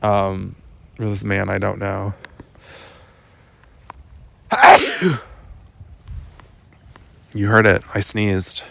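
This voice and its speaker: A young adult podcast host telling a long personal story outdoors in a rambling, casual way, full of "like" and "um". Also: male voice, on the low side, very slow, vocal fry, pauses often, heavy background noise. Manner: rambling, lots of "like" and "um", mimics others in quotes. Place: outdoors walking in the woods.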